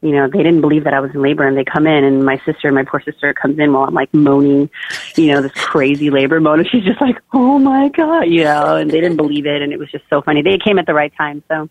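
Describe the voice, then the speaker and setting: A woman's voice: deep voice, flat delivery, fast, no room sound. A young woman chatting casually as a podcast guest, full of fillers like "like" and "oh my God.". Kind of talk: casual birth-story interview. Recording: dry tinny phone-like line.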